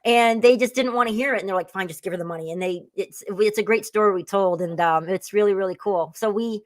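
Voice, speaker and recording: A woman's voice: medium pitch, a little fast, no room sound. A woman in her forties chatting as a guest, telling rambling, laughing stories with lots of fillers. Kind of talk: casual chat, storytelling.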